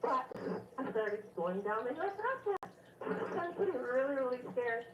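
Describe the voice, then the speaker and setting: A woman calling in to a radio show, telling a long story in a rambling, animated way with many fillers. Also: high-pitched, moderate pace, roomy sound, far from the mic, highs cut off, a crowd in the background. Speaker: caller. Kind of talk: phone-in storytelling.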